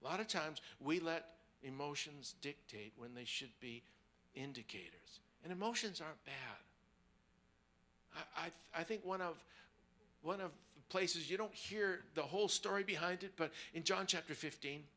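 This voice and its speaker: Bright-voiced preacher, hushed then emphatic. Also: male voice, fairly high pitch, unhurried. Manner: drops to hushed, near-whispered tones in tender moments, then rises to emphatic preaching; repeats words and restarts phrases as he speaks. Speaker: guest preacher. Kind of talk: sermon with personal storytelling.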